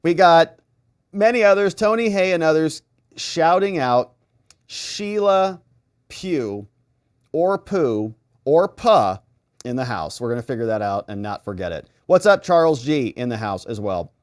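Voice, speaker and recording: A middle-aged American man hosts a live stream with a lot of swing in his voice. He reads viewer comments and thanks donors in a casual, chatty way, and acts out quick back-and-forths as he goes. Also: mid-range voice, clear, resonant tone, dry recording, clean studio sound. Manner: animated, chatty, acts out little exchanges.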